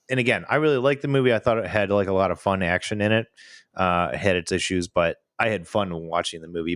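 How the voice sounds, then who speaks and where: Low-voiced man with a Chicago accent. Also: a bit bright, no echo, clean studio sound. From Illinois–Wisconsin border, US. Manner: rambling, searches for words, laughs easily. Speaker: podcast co-host. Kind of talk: casual chat.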